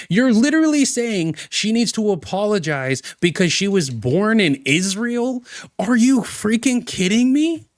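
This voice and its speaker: A man's voice: a little high, no echo, clean studio sound. A young man and former Marine hosting a heated reaction commentary, sarcastic and exasperated, swearing freely.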